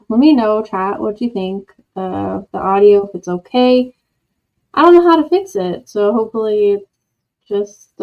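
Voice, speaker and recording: A woman chats slowly and unhurriedly through a casual livestream from her home. She rambles, jokes at her own expense and laughs easily. Her old microphone makes the sound dull and lo-fi. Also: on the high side. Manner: rambling, self-deprecating, chatty with laughs. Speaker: livestream host. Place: home room with candles. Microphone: old desk microphone.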